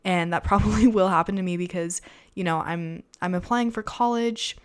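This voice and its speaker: A teenage girl from America chats through her own podcast, rambling loosely and filling gaps with "like" and "um". Her voice sits a little low for a girl. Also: moderate pace, clean tone. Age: teens. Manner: chatty, filler-heavy, rambling. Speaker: podcast host. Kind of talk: casual solo podcast chat.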